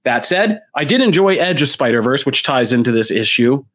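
A man co-hosting a casual comic book chat, blunt and opinionated in a steady way. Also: medium pitch, normal speed. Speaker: comic book podcast co-host.

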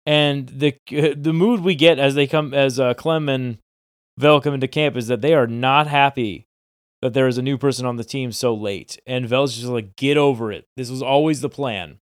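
A man's voice: medium pitch, steady tone, moderate pace, clean tone, dry recording, clean studio sound. A man co-hosting a podcast, narrating TV scenes in casual chat with filler words and quoted lines. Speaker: podcast co-host.

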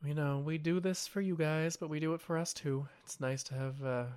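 A man's voice: on the high side, fairly quick, a little mellow, clean tone. A man co-hosting a podcast in casual chat, jokey and talkative. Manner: chatty, jokey, wraps up. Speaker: podcast co-host.

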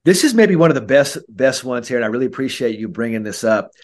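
A man's voice: medium pitch, expressive, fast. A man who is a mental skills coach, speaking as a podcast guest and acting out kids' and coaches' voices. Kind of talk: podcast interview.

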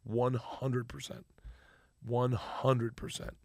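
A young man telling a wild story in casual chat. He is animated and swears freely. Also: mid-range voice, takes it slowly, dry recording, clean studio sound.

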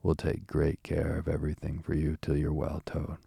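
An earnest, gentle mole in a sleepy bedtime storybook, read by a man, grave and sincere. The voice is very deep and husky, with a gravelly creak. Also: completely flat delivery, normal speed, dry recording, exaggerated voice. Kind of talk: soothing bedtime storybook reading.

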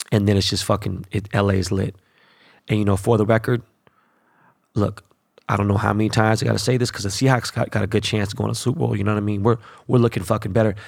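A young man hosting a sports podcast, ranting bluntly with constant profanity in a casual, animated way. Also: fairly low pitch, gravelly, breathy edge, no echo, studio quality. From Los Angeles. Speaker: podcast host.

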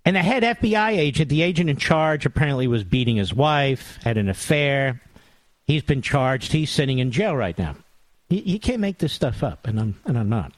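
A man's voice: mid-range voice, very animated, moderate pace, dry recording. A man hosting a talk radio monologue, sarcastic and mocking, with big theatrical swings in tone.

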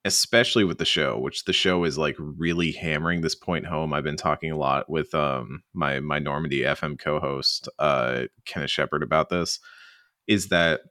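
A man, co-hosting a podcast in a lively, laughing, rambling way. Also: rumbling low, no echo, clean studio sound. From Southern United States. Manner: animated, quick to laugh, rambling with restarts. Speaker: podcast co-host. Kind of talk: casual podcast chat.

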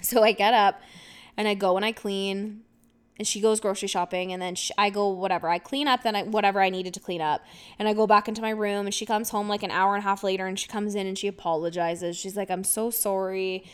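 A woman's voice: mid-range voice, fairly even intonation, fast talker, smooth. A woman hosting a podcast, telling a personal story in a rambling, casual way with lots of fillers and laughter. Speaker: podcast host.

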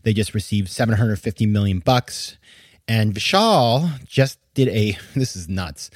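A man's voice: lowish voice, lively intonation, measured pace, dry recording, studio quality. A man hosting a podcast, giving an indignant, emphatic opinion monologue with bursts of incredulous laughter. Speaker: podcast host.

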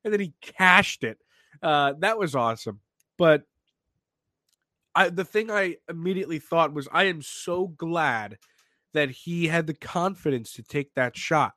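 A man hosting a sports podcast, talking in an animated, excitable way with lots of restarts. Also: fairly high pitch, a little slow, dry recording. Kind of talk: casual sports talk.

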